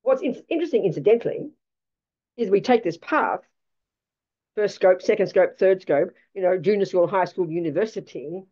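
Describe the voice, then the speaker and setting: A woman gives a Buddhist teaching, her pitch swooping widely as she drives each point home. Her tone is mellow and dark, her manner blunt and emphatic, full of rhetorical questions. The recording sounds dull and lo-fi. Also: lively intonation, normal speed.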